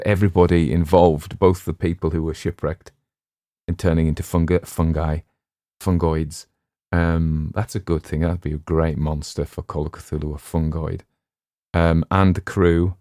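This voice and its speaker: A middle-aged man from West Cumbria, England, with a Cumbrian accent and a low, slightly mellow voice, chats casually as the host of a story channel. He's an audiobook narrator, recorded with clean studio sound and no echo. He rambles and pokes fun at himself, using lots of fillers and restarts.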